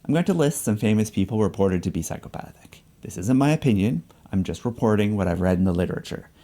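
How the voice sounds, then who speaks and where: A man giving measured, scripted narration for an explanatory video essay. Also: on the low side, expressive, mellow.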